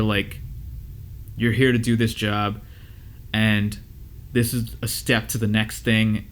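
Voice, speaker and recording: A music engineer and teacher gives his students casual advice and stories, speaking loosely with lots of fillers. His voice is on the low side and a bit bright.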